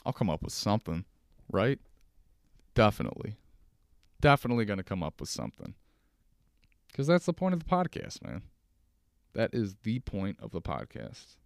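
A man's voice: fairly low pitch, sing-song, normal speed, creaky, long pauses, no room sound. A young man hosting a casual solo podcast from his kitchen table, rambling and joking with plenty of swearing. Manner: rambling, profane, jokey. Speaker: podcast host.

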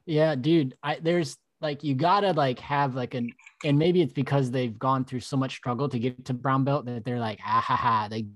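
A man's voice: medium pitch, steady tone, normal speed, dry recording. A man co-hosting a casual podcast as a mindset coach, talking in a laid-back, reflective way with lots of "like" and "man.".

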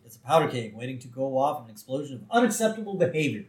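A man's voice: mid-range voice, sing-song, very fast, darkish tone, natural voice. A man playing a stiff, fussy middle-aged school principal in a prim, pompous way.

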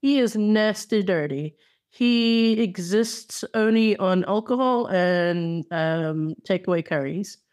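A woman's voice: medium pitch, slow, a little mellow, clean tone. A woman co-hosting a podcast, chatting casually and enthusiastically about television with playful asides. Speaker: podcast co-host. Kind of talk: casual chat.

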